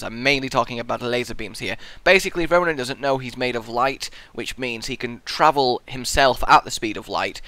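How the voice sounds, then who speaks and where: A man casually answering viewer questions in a goofy, animated way, often breaking into shouts and sound effects. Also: medium pitch, no echo. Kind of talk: casual Q&A vlog.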